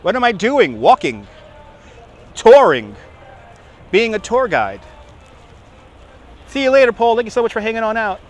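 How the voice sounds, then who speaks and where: Casual male tour guide in his 40s, high voice, chatty live-streamer recording outdoors on a phone. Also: big pitch swings, measured pace, long pauses. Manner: chatty, laughs at his own jokes. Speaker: livestreaming walking tour guide. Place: outdoors on city streets and a park. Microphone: phone on a handheld gimbal.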